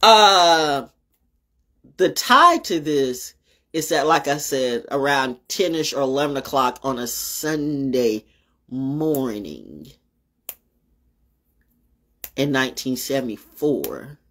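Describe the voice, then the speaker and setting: A woman's voice: extremely low pitch, lively intonation, takes it slowly, a bit bright. An older woman hosting her own show, delivering a fiery, profane, confrontational monologue. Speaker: show host. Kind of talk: ranting monologue.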